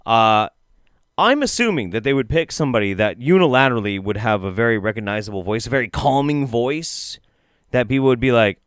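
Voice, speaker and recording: A man's voice: medium pitch, lively intonation, fairly quick, smooth, dry recording, studio quality. A man doing casual, profane, sarcastic live-stream commentary while reacting to a video.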